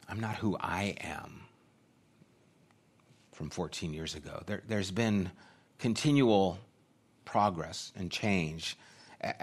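Earnest middle-aged male pastor preaching. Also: low voice. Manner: earnest, conversational preaching with repeated phrases. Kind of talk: sermon.

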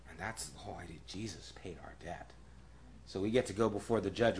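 A man preaching a sermon as pastor, emphatic and repeating key phrases, often dropping to a hushed, near-whispered voice. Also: sits low, brisk, a little hiss or hum.

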